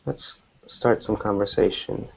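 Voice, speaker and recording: A man teaching an online English class, explaining patiently and slowly with examples. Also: lowish voice, steady tone, vocal fry, fairly bright tone, lo-fi sound, a little hiss or hum.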